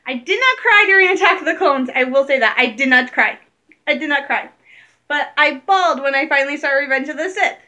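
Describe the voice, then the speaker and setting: A young woman from Michigan talks straight to her viewers in a loose, rambling vlog chat. Her voice sits high and rings bright and crisp. She gets excited easily and laughs often. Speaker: vlogger. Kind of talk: casual chat.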